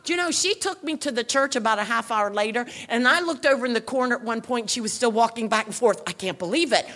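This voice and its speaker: Woman preacher, high and bright, animated storytelling building to shouts at a church service. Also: fast talker. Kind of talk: sermon.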